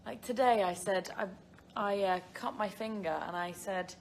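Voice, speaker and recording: A woman's voice: medium pitch, normal speed, a little hiss or hum. Chatty giggly British young woman. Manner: chatty and giggly, rambling with many fillers. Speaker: live-stream host answering viewer questions. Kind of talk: casual live-stream chat.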